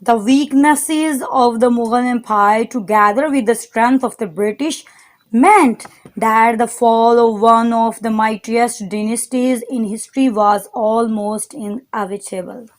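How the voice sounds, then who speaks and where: A woman teacher reads a history chapter aloud at an unhurried pace. She stops to explain difficult words and turns to her students now and then. Her delivery is steady and deliberate. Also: fairly high pitch. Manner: addresses her students directly. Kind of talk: textbook reading and explanation.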